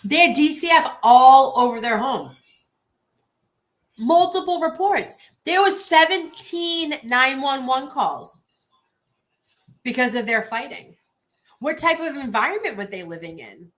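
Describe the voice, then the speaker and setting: Woman in her thirties, livestream host, bright and forceful, blunt, profane, casual chat with viewers. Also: high-pitched, animated, measured pace, pauses often, low-quality recording. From Boston area. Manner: blunt, profane, emphatic, restarts often.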